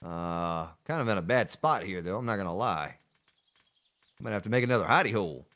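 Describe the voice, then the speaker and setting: A man's voice: low-pitched, animated, fairly quick, fairly bright tone. A male streamer giving playful live gameplay commentary, joking with his chat and thanking donors. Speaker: game streamer.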